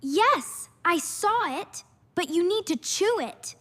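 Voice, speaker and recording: A woman voicing a sensible, bossy young girl in a slow cartoon story, scolding and urgent. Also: extremely high pitch, animated, sharp tone, soft background music, heavily acted. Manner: scolding, then urgent and frantic. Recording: reverberant room.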